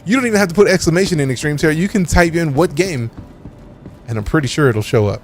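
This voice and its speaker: A man's voice: fairly high pitch, expressive, rapid-fire. Guy streaming a game and clowning around, voice jumps all over, faint music behind. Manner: playful mock-offended trash talk with slang. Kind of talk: casual live-stream chat.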